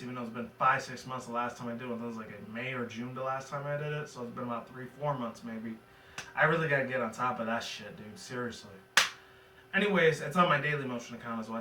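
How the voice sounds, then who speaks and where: A man's voice: medium pitch, sharp tone. A man giving a casual spoken review of a cartoon episode, rambling and swearing freely. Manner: rambling and profane, with loose filler. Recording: echoey room, mic at a distance, faint hum.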